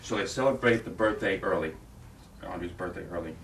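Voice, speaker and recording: In a low voice at a slightly quick pace, the man running the audition describes the scene to an actress. His explanation rambles and restarts repeatedly, and he acts out lines. There is slight hiss or hum, and the recording is roomy with a distant mic.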